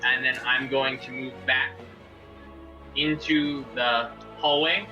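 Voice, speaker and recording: A man's voice: medium pitch, steady tone, slow, sharp tone, dull audio, faint music behind. A man playing in a tabletop game, talking through his plans in a loose, rambling way. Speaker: player. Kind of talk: casual tabletop play.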